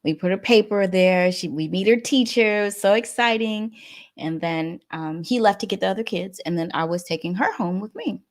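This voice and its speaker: A woman guest telling a personal story in a lively way, acting out the dialogue. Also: medium pitch, moderate pace. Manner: animated, acts out dialogue.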